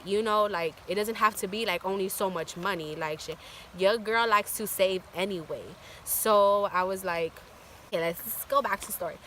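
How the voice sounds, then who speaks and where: A woman's voice: mid-range voice, sharp tone, slight background noise. A young woman vlogger telling a personal story in casual chat, full of "like" and fillers. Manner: chatty, filler-heavy with constant "like".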